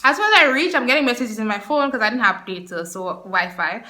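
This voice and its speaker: Bright, animated young woman telling a story. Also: a little high, a little fast. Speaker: vlogger. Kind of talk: storytime vlog, casual chat.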